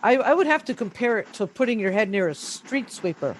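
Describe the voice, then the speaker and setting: A man being interviewed, telling a story in a casual, animated way with many fillers. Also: high voice, fairly quick, heavy background noise. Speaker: interview guest.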